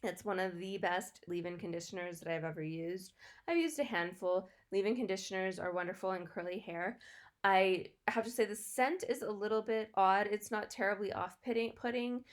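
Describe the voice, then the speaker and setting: A woman's voice: medium pitch, normal speed. A young adult woman vlogger chatting casually through product reviews, often correcting herself and laughing. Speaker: beauty and lifestyle vlogger.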